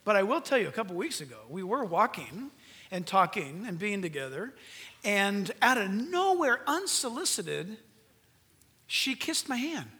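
An older man preaching a sermon in a high, nasal voice, earnest and emphatic, with rhetorical questions and touches of humor. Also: very animated, a little slow, pushed and bright. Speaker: pastor.

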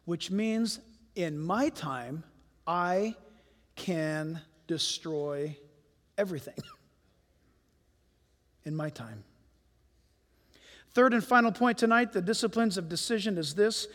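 A man preaching a sermon as pastor in a church, animated and firing rhetorical questions at his congregation. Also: high-pitched, takes it slowly, pauses often. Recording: long hall reverb.

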